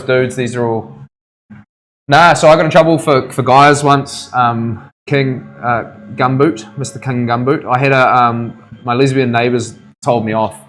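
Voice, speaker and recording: A man's voice: medium pitch, poor audio. A man with a New Zealand accent, a tattoo artist chatting casually on a live stream and rambling through stories with plenty of swearing. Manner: laid-back, sweary, rambling storyteller.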